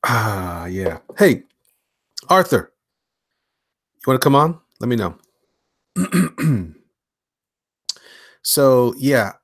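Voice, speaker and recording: A man hosting a casual live stream from his home studio while drawing, talking in slang and swinging between hyped greetings and low mumbles. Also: slow, long pauses, breathy edge, dry recording. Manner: animated, slangy, hyped one moment and mumbling low the next. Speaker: livestream host and comic illustrator.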